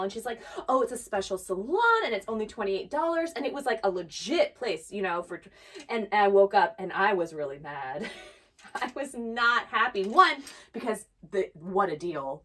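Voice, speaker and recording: A woman's voice: mid-range voice, expressive, moderate pace, a bit bright, recorded from a distance. A woman chatting casually and rambling through her stories. Her voice sits in an ordinary middle range and is recorded from a little way off the microphone. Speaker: vintage box co-owner. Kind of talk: casual chat.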